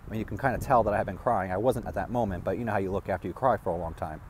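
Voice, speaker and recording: A man telling a rambling personal story as a vlogger, halting and restarting as he talks. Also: lowish voice, slight background noise.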